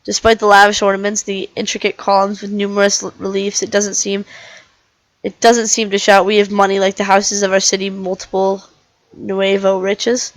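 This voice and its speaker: Here a woman plays a tired, cynical male plant-eating dinosaur detective, reading a visual novel in first person at a moderate pace. Her mid-range delivery stays monotone and only lightly acted, on a rough recording with no room sound. She backs up and restarts over words she misreads.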